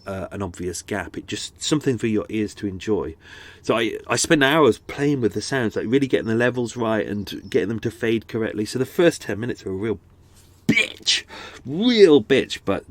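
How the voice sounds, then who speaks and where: Rambling podcast host, male, lowish voice, stuffy nose, dry close mic. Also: no echo. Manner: waffly, chatty, self-deprecating, lots of restarts. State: blocked-up nose. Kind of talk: casual rambling chat. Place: on a houseboat. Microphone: close studio microphone.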